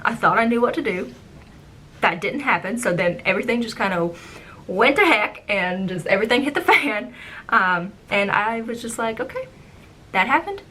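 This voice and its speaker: A young woman in her twenties casually telling stories from her old job as a theme park ride guide, chatty and animated, acting out how she reacted back then. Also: fairly low pitch, slight background noise. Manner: animated, acts out her own past reactions; chatty, with frequent "like" and "um". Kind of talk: casual storytelling vlog.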